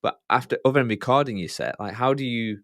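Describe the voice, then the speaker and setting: A podcast host speaks quickly in a mid-range, fairly bright voice, recorded cleanly in a studio with no room sound. In a conversational interview he asks curious questions, hesitating and restarting.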